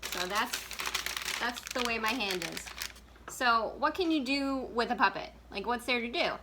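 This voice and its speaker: A woman's voice: a little high, moderate pace, noisy background. A woman working as a children's librarian, giving a casual, chatty craft tutorial and laughing often. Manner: chatty, giggly, full of fillers.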